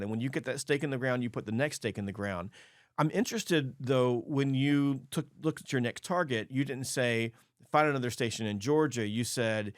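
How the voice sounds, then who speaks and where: A middle-aged man hosts a sales podcast at a mid pitch. He coaches emphatically and repeats key phrases to drive them home. His voice sounds dry and close to the mic. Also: dry recording. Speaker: podcast host. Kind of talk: casual interview talk.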